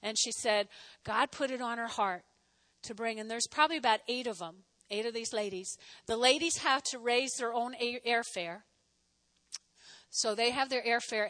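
A woman pastor preaches fast in a sermon, chatty and animated, poking fun at herself. Her voice sits high and rings bright and forceful. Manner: fast-talking. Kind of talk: sermon and offering appeal.

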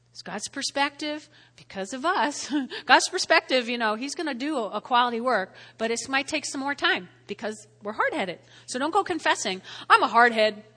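A woman's voice: sits high, pushed and bright. A woman pastor preaching a conversational sermon, often checking in with her listeners and repeating key phrases for emphasis. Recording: long reverb of a large hall.

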